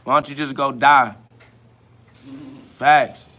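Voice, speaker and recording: Bright-voiced combative man ranting. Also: mid-range voice, fairly even intonation, takes it slowly. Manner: combative, mocking, profane. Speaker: podcast host answering comments. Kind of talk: profane spiritual rant.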